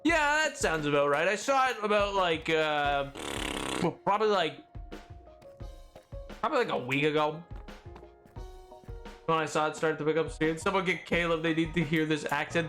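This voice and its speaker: Excitable high-voiced male streamer. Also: normal speed, pauses often, faint music behind. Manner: excitable, laughing, rambling with restarts. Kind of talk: casual live-stream chat while gaming.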